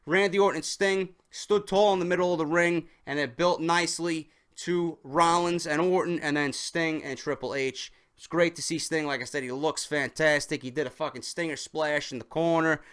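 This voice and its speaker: A man's voice: on the high side, steady tone, moderate pace, hardly any pauses, a bit bright, clean tone. A young man casually reviewing a wrestling show, enthusiastic and rambling, swearing constantly.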